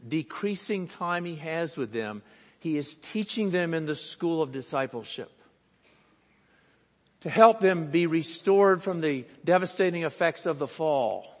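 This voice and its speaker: Slow-speaking pastor in a reverberant church. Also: male voice, fairly high pitch. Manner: slow, deliberate storytelling with quoted voices. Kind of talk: sermon with storytelling. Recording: long reverb of a church hall.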